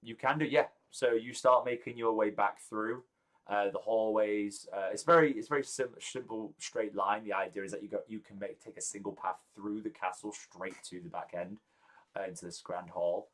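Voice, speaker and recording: A man running a tabletop role-playing game, narrating scenes with a somewhat low voice. He pauses often with ums and restarts sentences. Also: fairly even intonation, fairly bright tone. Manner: halting, many ums and restarts. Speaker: game master.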